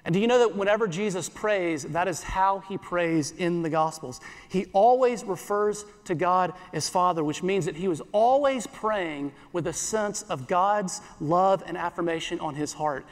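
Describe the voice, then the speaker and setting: A pastor giving an earnest sermon in church, repeating phrases and slowing down for scripture. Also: male voice, high-pitched, in a large hall.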